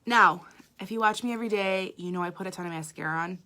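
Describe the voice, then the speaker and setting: A woman's voice: fairly low pitch, fast, sharp tone. A woman makeup artist giving a chatty live makeup tutorial, talking straight to her viewers.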